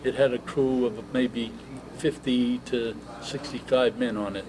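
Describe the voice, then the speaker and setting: A man in his eighties, a veteran, telling his service story in an oral history interview, halting and reminiscing. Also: medium pitch, fairly even intonation, crowd noise, low-quality recording. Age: 80s.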